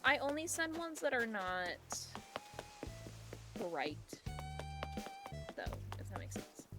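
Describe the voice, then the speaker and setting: High-voiced woman chatting over game music. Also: big pitch swings, slow pace. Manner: chatty, giggly, swears casually, talks to chat and her cat. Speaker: livestreamer. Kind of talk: casual chat while playing a game.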